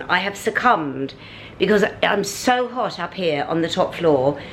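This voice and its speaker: A middle-aged British woman chatting to her camera in a casual vlog, her voice on the low side for a woman and leaping up when she gets worked up. Faint noise sits under the recording. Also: a little slow, low-quality recording. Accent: British English. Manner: exasperated ranting, animated swings in pitch. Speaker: vlogger. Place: at home and out on a city street.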